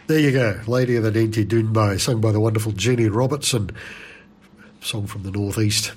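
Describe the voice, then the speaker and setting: A man presenting a folk music radio program, talking in a relaxed, chatty way with some hesitations. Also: mid-range voice, a little hiss or hum.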